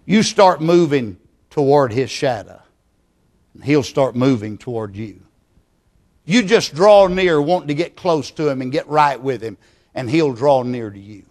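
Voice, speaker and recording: A pastor preaching a sermon in a church, earnest and pleading, often dropping to a hushed tone. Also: male voice, medium pitch, lively intonation, unhurried.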